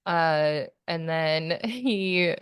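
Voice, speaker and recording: A woman's voice: deep voice, very slow, clear, resonant tone, dry recording, clean studio sound. A woman guest giving a candid personal account in an interview, rambling and full of fillers like "like" and "you know.".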